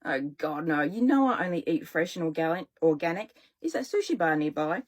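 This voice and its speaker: A woman's voice: sits low, big pitch swings, a little fast. A woman reading a fussy, demanding friend. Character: fussy, demanding friend who only eats organic.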